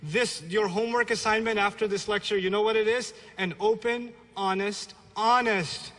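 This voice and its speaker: A man's voice: sits high, steady tone, normal speed, a bit bright. A man in his thirties from a Pakistani family raised in New York City, giving a blunt, humorous religious lecture. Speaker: Islamic lecturer. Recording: long reverb of a lecture hall.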